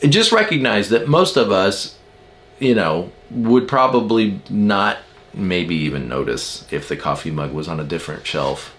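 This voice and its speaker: A man's voice: low voice, expressive, measured pace, fairly bright tone. A man hosting a podcast, talking casually and explaining ideas with everyday stories and self-deprecating asides. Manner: chatty, self-deprecating, acts out quoted people. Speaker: podcast host. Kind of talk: casual teaching monologue.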